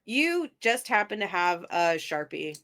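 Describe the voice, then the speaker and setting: A woman narrating a tabletop game as game master, describing scenes in a halting way with many pauses and fillers. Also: fairly low pitch, big pitch swings, fairly bright tone.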